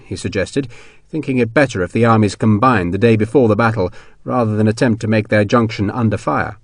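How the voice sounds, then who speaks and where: A man giving measured, expressive narration of an audiobook. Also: lowish voice, no room sound. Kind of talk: scripted narration. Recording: dry studio recording.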